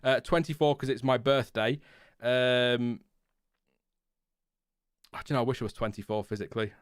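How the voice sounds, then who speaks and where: A man's voice: medium pitch, steady tone, normal speed, clean tone, dry recording, clean studio sound. A man, hosting a casual live stream about racing and answering viewers with rambling, self-deprecating asides and frequent chuckles. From Lincolnshire, England. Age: 30s. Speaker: F1 channel host.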